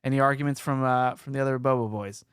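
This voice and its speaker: A man's voice: mid-range voice, quick pace, clear, resonant tone, dry recording, studio quality. A man hosting a podcast, telling stories in casual chat and reading out listener comments. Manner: animated storytelling, reads listener comments. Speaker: podcast host.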